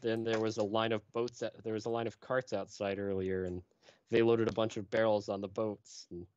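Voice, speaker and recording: A man's voice: fairly low pitch, flat delivery, a little fast, a little mellow. A man playing a tabletop game, with dry joking in casual chat. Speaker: player. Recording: dull lo-fi mic, faint hiss.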